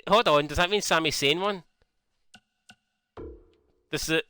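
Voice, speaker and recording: A young man from Scotland talks through a wrestling video game in casual commentary, joking and swearing as results surprise him. His voice is bright and clean, with a slightly higher pitch, and the recording is dry and close. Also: moderate pace, pauses often, clean tone, no room sound. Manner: excitable, swears freely, jokey. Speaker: gaming YouTuber.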